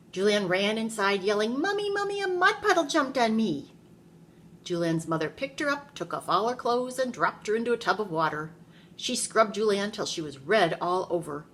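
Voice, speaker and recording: A preschool teacher, a woman, reads a picture book aloud to young children in an animated storytelling voice. She pauses to ask them questions as she goes, at a middle pitch. Faint room noise sits behind her. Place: classroom.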